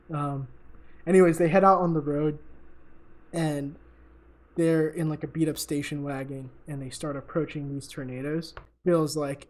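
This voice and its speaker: A man's voice: fairly high pitch, steady tone, moderate pace. A young man co-hosting a podcast, retelling a story in a rambling, profane and giggly way. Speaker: podcast co-host. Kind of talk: casual chat.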